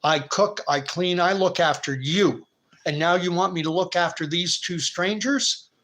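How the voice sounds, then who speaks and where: A man's voice: sits high, a little slow, fairly bright tone, pitched above the performer's own voice. A man voicing a fed-up village wife who scolds her husband. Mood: scolding. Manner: scolding, indignant.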